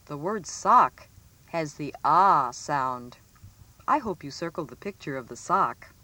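A woman reading a scripted phonics lesson for children, stressing each example word clearly. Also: low voice, animated, sharp tone. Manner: slow, clearly enunciated, sing-song emphasis on example words. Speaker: teacher.

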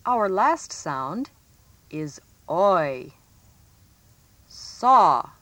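Slow, sing-song woman teaching phonics. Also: low-pitched, very animated, a bit bright, no room sound. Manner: slow, clearly enunciated, sing-song emphasis on example words. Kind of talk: scripted phonics lesson for children.

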